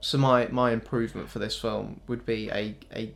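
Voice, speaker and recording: A man's voice: on the low side, normal speed, vocal fry. Incredulous, sweary man in a film chat. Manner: animated and incredulous, swears freely. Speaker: podcast co-host. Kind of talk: casual film review chat.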